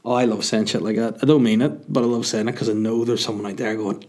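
A man's voice: on the low side, steady tone, a little fast, darkish tone. A young man, hosting a podcast and telling a comic story in a sardonic, self-mocking way, swearing freely. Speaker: podcast host.

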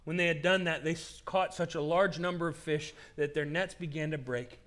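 A man's voice: on the high side, steady tone, moderate pace, fairly bright tone. A male pastor preaching a sermon from a stage, telling the story in an earnest, dramatic way. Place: stage with pulpit.

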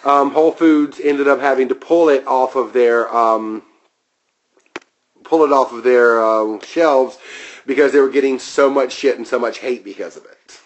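A man's voice: medium pitch, steady tone, a little slow, dull audio. A man co-hosting a podcast in casual, crude chat, swearing constantly and sounding sarcastic. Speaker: podcast co-host.

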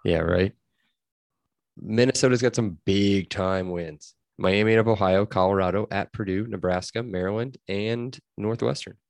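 A man's voice: fairly low pitch, normal speed, vocal fry, dry recording. A man hosting a sports podcast, chatting casually and rattling off scores and stats. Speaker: podcast host.

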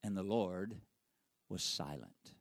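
Middle-aged male pastor, lively pitch, builds loud then drops to a hush. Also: takes it slowly, gravelly. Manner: swings from loud emphatic peaks to hushed, near-whispered lines. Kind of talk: sermon storytelling.

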